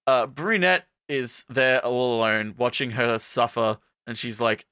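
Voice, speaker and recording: A man's voice: medium pitch, steady tone, measured pace, few pauses, pushed and bright, clean tone, no echo, studio quality. A man co-hosting a podcast, recapping a show in a rambling, playful way with jokey asides. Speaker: podcast co-host. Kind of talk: casual comedic recap.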